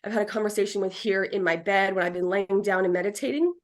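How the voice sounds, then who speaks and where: A woman psychic medium in casual chat, rambling and animated, often acting out what was said to her. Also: medium pitch, fast. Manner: rambling, animated, acts out quotes.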